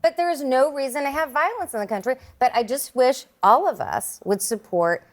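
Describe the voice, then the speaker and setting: A woman's voice: sits high, normal speed. A woman on a TV news panel, asking pointed, challenging questions. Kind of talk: TV panel debate.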